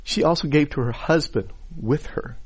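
A man who is a pastor, delivering a sermon in an unhurried way, often repeating words as he thinks and reading scripture aloud. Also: on the high side, husky. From Chinese background.

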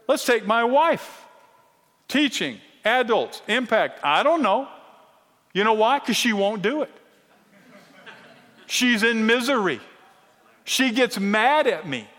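High-voiced male preacher in a big hall. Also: slow, long pauses. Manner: animated, teasing, keeps checking in with "okay?". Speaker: Bible teacher. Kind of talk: sermon-style teaching. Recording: long reverb of a large hall.

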